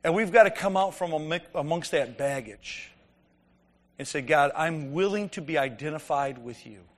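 Male preacher, anecdotal sermon, rhetorical questions, slightly high voice, long hall reverb. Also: animated, normal speed. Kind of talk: conversational sermon.

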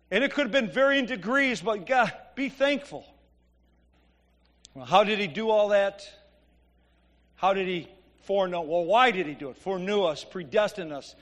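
A man preaching a sermon, reading scripture and explaining it conversationally, his voice swinging from loud emphatic peaks to quiet asides. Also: high voice, expressive, a little slow, long pauses. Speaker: pastor. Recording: long hall reverb.

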